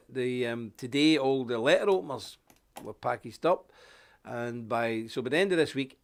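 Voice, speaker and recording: A man presenting a live online show, talking in an animated, folksy rant while unwell with a stuffy nose. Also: medium pitch. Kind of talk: live broadcast chat and rant.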